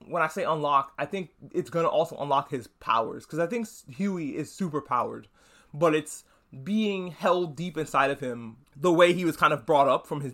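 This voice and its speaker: A young man hosting a podcast, recapping a show in casual, sarcastic talk with swearing and quick character asides. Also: fairly high pitch, bright, forceful tone. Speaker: podcast host.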